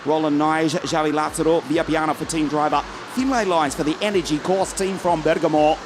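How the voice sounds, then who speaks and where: A man's voice: fairly high pitch, a little fast, background noise. Upbeat man calling a kart race. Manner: lively, joking banter between race calls. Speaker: karting commentator. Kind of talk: live race commentary. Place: commentary box at a race track.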